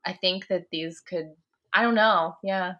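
Bright-toned, musing woman guest. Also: fairly low pitch, a little slow, highs cut off. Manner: tentative, musing, filler-heavy. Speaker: podcast guest. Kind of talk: casual chat.

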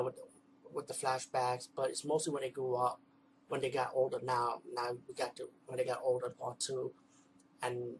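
A man's voice: medium pitch, a little hiss or hum, rough recording. A man casually reviewing a movie at home, rambling with many fillers, restarts and stumbles. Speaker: video reviewer.

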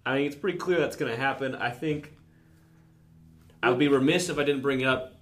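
A man co-hosting a casual movie chat, making his points in a measured, thoughtful way. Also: mid-range voice, slight background noise. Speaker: podcast co-host.

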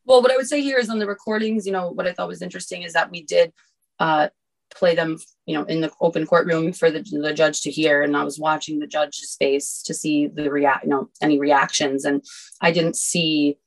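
Measured woman lawyer, guest on a podcast. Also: low voice, fairly even intonation, vocal fry, low-quality recording. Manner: measured, explanatory, with frequent "you know" fillers. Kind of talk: casual interview conversation.

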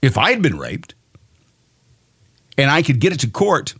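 A man rants through his own podcast, angry and mocking, and he swears often. His pitch leaps and dips as he talks. The sound is dry and close, with no room in it. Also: huge pitch swings, unhurried, fairly bright tone, breathy edge, dry recording. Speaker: podcast host. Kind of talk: opinion podcast rant.

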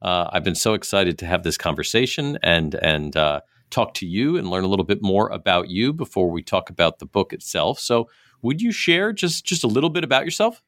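Halting male interviewer, dry close sound. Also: deep voice, sing-song, fairly bright tone, dry recording. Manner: hesitant, with many fillers and restarts. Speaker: interview host. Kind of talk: interview questions.

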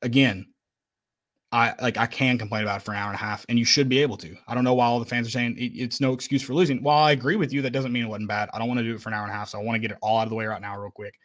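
A man's voice: mid-range voice, little pitch movement, racing, fairly bright tone. A man co-hosting a casual sports podcast, venting bluntly and with emphasis about a loss. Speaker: podcast co-host.

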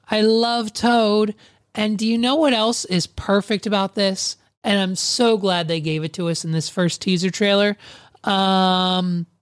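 A woman's voice: medium pitch, no echo, clean studio sound. A woman hosting a casual podcast, rambling loosely, with lots of fillers, restarts and swearing. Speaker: podcast host. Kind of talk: casual chat.

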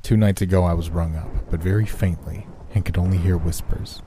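A man's voice: sits low, fairly even intonation, a little fast, dark tone, slight background noise, lightly acted. A man doing an urgent, pleading old-time doctor. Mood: earnest. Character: troubled middle-aged male doctor, earnest and pleading.

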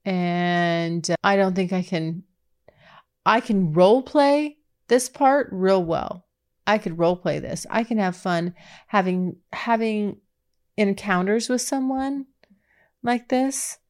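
A woman's voice: mid-range voice, takes it slowly, a little mellow. Candid woman podcast host, chatty and frank. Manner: candid, breathy exclamations, frequent restarts. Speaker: podcast host answering listener questions. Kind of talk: casual chat.

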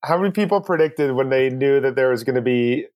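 A man's voice: medium pitch, animated, fairly quick, darkish tone, dry recording. A man co-hosting a podcast in casual chat, leading topics and teasing with questions to listeners. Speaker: podcast co-host.

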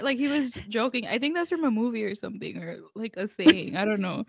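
A woman's voice: a little high, lively intonation, fast, gravelly, slightly rough, dry recording. A young woman co-hosting a casual podcast chat, laughing often as she tells stories about her kids. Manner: laughs a lot while telling stories. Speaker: podcast co-host.

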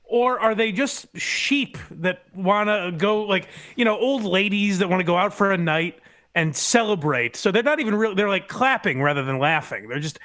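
A man's voice: high voice, lively intonation, normal speed, sharp tone. A man co-hosting a casual comedy podcast in a wry, joking way, laughing along. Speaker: podcast co-host.

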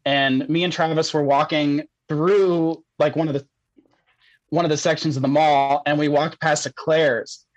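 A man's voice: on the high side, steady tone, a little slow, dry recording, lo-fi sound. A young man telling a story as a podcast guest, casual and rambling, laughing often and saying "like" a lot.

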